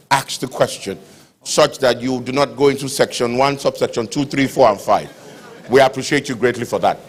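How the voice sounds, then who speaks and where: A man serving as master of ceremonies at a public lecture, with courteous, formal phrasing. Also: mid-range voice. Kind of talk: formal event hosting. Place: lecture hall.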